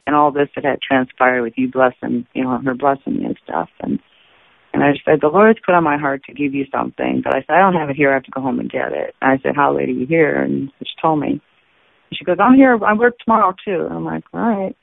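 A man's voice: medium pitch, fairly even intonation, a little fast, vocal fry, dry recording. A man earnestly telling a rambling personal faith story, full of fillers and restarts, in casual testimony style. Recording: dry tinny phone-like sound.

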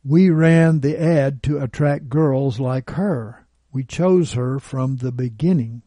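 A man's voice: medium pitch, animated, slow, mellow, dry recording. A man voicing a bitter, contemptuous woman who calls herself a witch, speaking arrogantly and snapping. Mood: scornful. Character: scornful bitter adult woman, a self-declared witch.

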